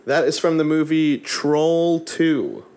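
A man's voice: a little high, slow, darkish tone. A man hosting a casual podcast, playfully running a movie-quote quiz. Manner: playful, laughing, chatty. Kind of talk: casual chat.

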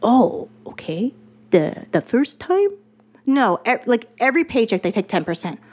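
A woman's voice: a little high, big pitch swings, unhurried, a little mellow, husky, heavily acted. Woman putting on a fussing older mother. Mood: dismayed. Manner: broken English, fussing and coaxing. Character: doting, fretful older immigrant mother.

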